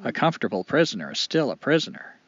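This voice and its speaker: A man voicing a wise male wolf who speaks slowly and sadly. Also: medium pitch, big pitch swings, fairly bright tone, breathy edge, no room sound, lo-fi sound. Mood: sorrowful. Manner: slow, sorrowful, measured. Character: wise, sad male wolf, calm and grave.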